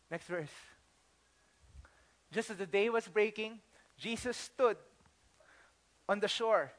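Man, pastor, Filipino accent, very high voice, animated storytelling sermon, slips into Tagalog. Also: measured pace, pauses often. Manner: animated storytelling, acting out quotes; mixes English with Tagalog phrases.

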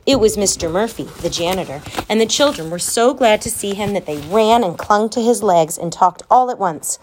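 Lady reading a kids' bedtime story, gentle, acts out the bits of dialogue. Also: mid-range voice, lively intonation, moderate pace, slight background noise. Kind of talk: reading a children's story aloud.

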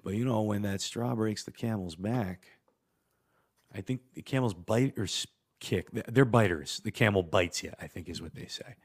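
Guy rambling to his therapist, swears a lot, lowish voice. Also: husky. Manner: rambling, halting, profane. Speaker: patient.

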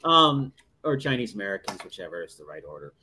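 Podcast cohost dude, voice jumps all over, rambles with lots of you knows. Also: male voice, fairly low pitch, sing-song, quick pace, background noise. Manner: rambling, thinks aloud with many fillers. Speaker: podcast co-host. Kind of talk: casual chat.

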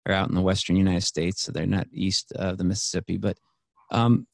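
A man's voice: deep voice, flat delivery, fairly quick, creaky, no room sound, clean studio sound. A man, a podcast guest, telling a personal story in a rambling, earnest way, full of fillers and restarts. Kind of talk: casual storytelling conversation.

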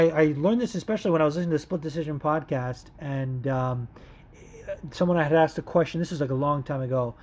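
A man's voice: on the high side, darkish tone. A man hosting a casual solo podcast, rambling and swearing, with lots of restarts and fillers. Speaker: podcast host. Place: Los Angeles area.

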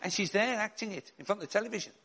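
A man's voice: high voice, racing, creaky, pushed and bright. An older man, a bishop and chaplain preaching a sermon in an earnest, direct way with rhetorical questions and repeated refrains.

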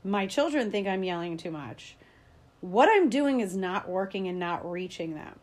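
Woman, parenting educator, casual upbeat advice, medium pitch, lots of fillers. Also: expressive, moderate pace. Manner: chatty and upbeat, acts out quoted parents and kids; frequent fillers and small laughs.

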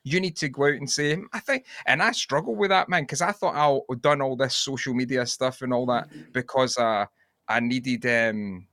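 A man's voice: medium pitch, moderate pace, pushed and bright, no echo. A Scottish man co-hosting a podcast, rambling and reflective in casual, sweary chat. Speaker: podcast co-host.

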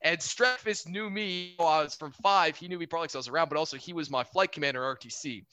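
Bright-voiced young man telling a wild story. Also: a little high, fast, no echo. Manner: animated, swears casually, acts out quotes. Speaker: podcast guest, Air Force officer. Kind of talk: casual storytelling. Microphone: remote call.

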